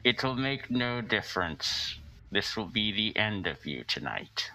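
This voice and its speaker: A man's voice: on the low side, big pitch swings, unhurried, sharp tone, a little hiss or hum, full character voice. A man voicing a menacing masked male cult leader who speaks through a muffled mask. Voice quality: muffled, gravelly.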